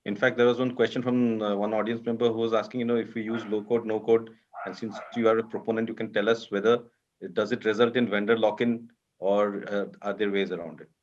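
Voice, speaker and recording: A man's voice: lowish voice, level tone, fast, dull audio. A man moderating an online roundtable, putting audience questions to panelists and announcing a poll. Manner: brief acknowledgements and poll announcements. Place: video call.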